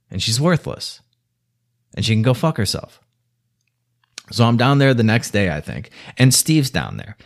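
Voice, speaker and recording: Angry man on a profane rant. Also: medium pitch. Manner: angry, heavy swearing, sarcastic.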